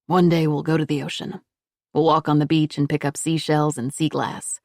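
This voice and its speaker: A woman voicing an irritable, unreliable father who speaks low and curtly. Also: flat delivery, normal speed, darkish tone, dry recording, studio quality.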